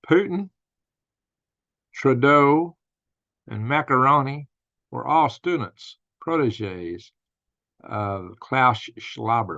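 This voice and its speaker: A man's voice: medium pitch, creaky, a bit bright, no echo, muffled recording. An older man hosting a casual live-stream, telling rambling stories and laughing at his own jokes. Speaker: host of a news and commentary stream.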